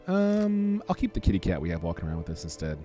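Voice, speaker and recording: Young male streamer, low lively voice, rambling joke teller, faint game music behind. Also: fast. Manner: rambling, joking storyteller. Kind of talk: casual let's-play commentary.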